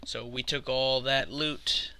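A man hosting a gameplay video, narrating casually and making quick, swearing callouts to his team. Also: medium pitch, fairly even intonation, sharp tone, clear, resonant tone. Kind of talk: gameplay commentary and team voice chat.

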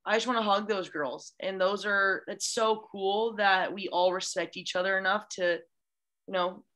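Young woman athlete gushing about her sport, bright voice, trips over her words. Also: medium pitch, steady tone, normal speed. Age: young adult. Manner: gushing, enthusiastic, many restarts. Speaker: college beach volleyball player, podcast guest. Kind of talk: casual chat.

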